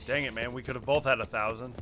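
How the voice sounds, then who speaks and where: A man streaming a video game, chatting casually in a joking, excitable and playful way. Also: medium pitch, fast, noisy background. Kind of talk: casual gameplay chat. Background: game music.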